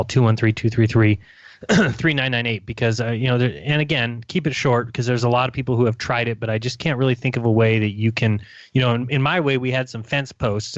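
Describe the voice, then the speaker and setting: A man's voice: mid-range voice, no echo. Easygoing man on a muffled radio show. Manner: easygoing, chatty, given to quick asides. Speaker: radio co-host. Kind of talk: casual call-in radio chat. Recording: dull lo-fi sound.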